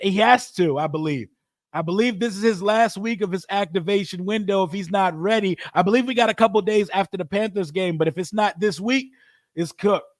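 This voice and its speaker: A man talks sports in a loose, slangy livestream. His voice sits high and he breaks into laughter often. The sound is dry and close. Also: no room sound. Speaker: sports podcast host. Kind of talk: casual livestream commentary.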